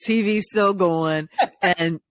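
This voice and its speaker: Lower-voiced middle-aged woman chatting. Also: slow pace, slight background noise. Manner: rambling, chatty, swearing and laughing. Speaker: podcast co-host. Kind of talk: casual chat.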